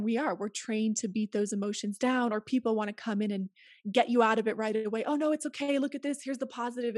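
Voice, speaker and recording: Woman, interview guest, higher voice, dry sound, earnest, emphatic, advice-giving. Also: dry recording. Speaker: podcast guest. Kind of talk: casual conversational interview.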